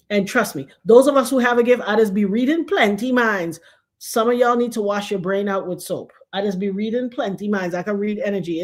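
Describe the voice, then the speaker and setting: A woman's voice: medium pitch, a little mellow. A middle-aged woman in the middle of her talk show with a voice of ordinary height. She hands out advice in an emphatic, preachy, folksy way. For effect, she sometimes drops her voice almost to a whisper. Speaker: livestream talk show host. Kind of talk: casual advice chat to a live chat.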